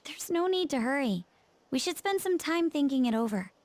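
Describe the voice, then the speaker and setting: A woman's voice: sits high, expressive, normal speed, darkish tone, dry recording, voice pushed up. A woman streamer voicing a level-headed, studious teenage girl while reading game dialogue. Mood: sensible. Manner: level-headed, mildly scolding.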